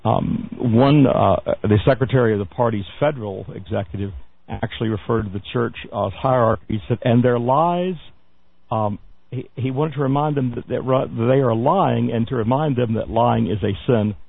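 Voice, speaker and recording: A man hosts a talk radio news segment in a rough, gravelly voice. He stumbles through fillers and restarts and throws in wry asides. The sound is thin and boxy, like a phone-line broadcast. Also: mid-range voice, normal speed, no echo. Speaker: radio show host.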